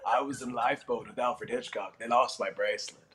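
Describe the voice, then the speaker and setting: A man voicing a grand old-time film actress with a low, drawling "darling" manner. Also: steady tone, fairly quick, fairly bright tone, slightly rough.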